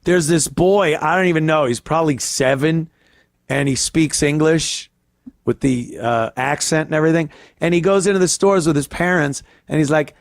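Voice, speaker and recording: A man's voice: fairly high pitch, moderate pace, no echo, clean studio sound. A male host ranting in a crude, profane, rambling way on a casual comedy podcast.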